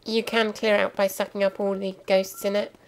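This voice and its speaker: A woman's voice: mid-range voice, little pitch movement, moderate pace, rough recording. A young woman giving chatty, explanatory let's play commentary with lots of ums and asides. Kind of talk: casual gameplay commentary. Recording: game music playing clearly behind. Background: game music.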